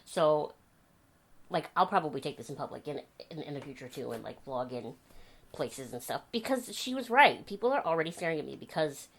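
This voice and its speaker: A woman's voice: low-pitched, brisk, creaky. Chatty young woman telling stories at home. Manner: chatty, animated storytelling with laughs. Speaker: vlogger. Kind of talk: casual chat to camera. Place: home bedroom.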